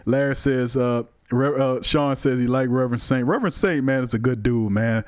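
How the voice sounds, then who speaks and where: A man's voice: mid-range voice, normal speed, clean tone, no echo, studio quality. A man hosting a live sports call-in show, talking emphatically and casually to his chat. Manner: animated, emphatic, colloquial, talks to the chat. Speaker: sports talk show host.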